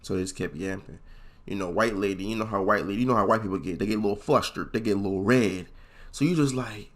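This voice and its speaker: A young man tells a comedic story from his school days, fast, casual, slangy and profane. When quoting people, he leaps into high voices.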